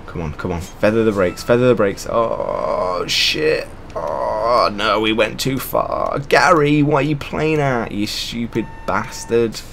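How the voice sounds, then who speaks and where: A man's voice: lowish voice, normal speed, creaky, fairly bright tone, soft background music. A young man commentating on a game, sarcastic, swearing and ranting in bursts. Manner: sarcastic, ranting, swears a lot, often laughing. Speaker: gamer.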